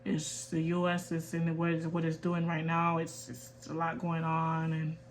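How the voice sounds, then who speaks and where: A young woman from the US in her twenties talks candidly to camera in a personal rant. She speaks quietly and holds back emotion, then turns firm and emphatic. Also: deep voice, completely flat delivery, normal speed, slight background noise. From United States. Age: 20s. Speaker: vlogger.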